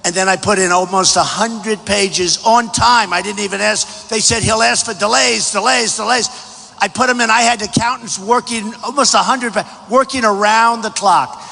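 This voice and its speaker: A presidential candidate giving a boastful, repetitive campaign rally speech, often shouting, in a large packed hangar. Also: male voice, high-pitched, fairly even intonation, moderate pace, vocal fry. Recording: echoey hangar hall.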